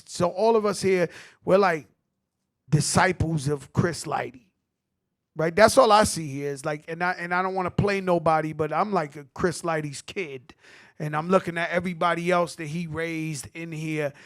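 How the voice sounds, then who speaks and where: Gravelly, high-voiced New York man storytelling. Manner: animated street storytelling, acts out quotes, swears. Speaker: host. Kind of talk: storytelling in a tribute panel.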